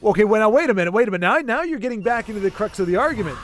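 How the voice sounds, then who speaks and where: Rambling streamer, fairly high voice. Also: male voice, lively intonation, racing, slight background noise. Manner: rambling, playfully argumentative, many restarts. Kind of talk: casual chat with a livestream audience.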